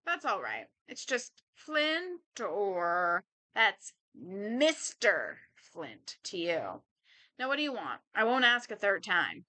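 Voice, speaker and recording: Woman doing a gruff dismissive man, prickly, curt, lively pitch. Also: takes it slowly, full character voice. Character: curt, prickly middle-aged man, property owner.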